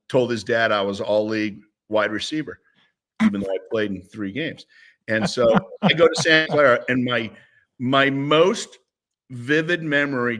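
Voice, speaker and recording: A man in his sixties, a former football player, telling stories as a guest in a casual interview. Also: on the low side. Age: 60s. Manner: animated storyteller.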